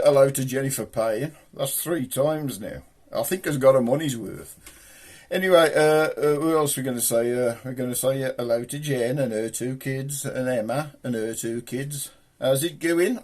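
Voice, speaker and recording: A man with a Black Country accent hosting a homemade comedy show, rambling and joking in thick dialect. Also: medium pitch. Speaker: puppet comedy show host. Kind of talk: rambling comic chat to viewers.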